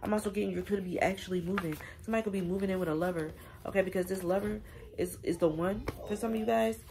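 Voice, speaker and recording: A woman's voice: medium pitch, steady tone, quick pace, darkish tone, a little hiss or hum. A woman giving a casual spiritual reading, chatty and affirming, speaking straight to her viewers. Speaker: tarot reader.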